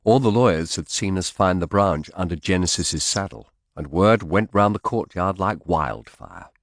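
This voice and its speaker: A man narrating an audiobook in first person with expressive, dramatic storytelling. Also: low-pitched, moderate pace, no room sound, clean studio sound.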